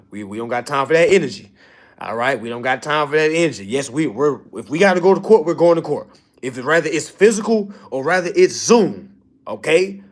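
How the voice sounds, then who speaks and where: A man coaching his clients in a blunt, preachy talk, teasing them and asking "All right?" again and again. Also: a little high. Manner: animated, mocking and laughing at his audience. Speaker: business coach addressing clients.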